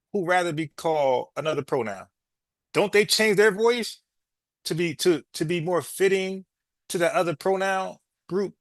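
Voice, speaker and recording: In a studio-quality recording with no echo, a male podcast host gets into a heated call-in debate, hammering his points again and again and addressing the caller as "bro." He has a high voice with vocal fry.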